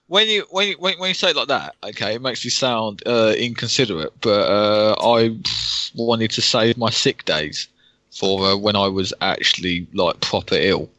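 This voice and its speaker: Lively British man, animated chat. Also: fairly low pitch, normal speed, dry recording, dull audio. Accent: British English. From Britain. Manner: animated storyteller, acts out quoted voices. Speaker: podcast co-host. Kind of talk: casual chat.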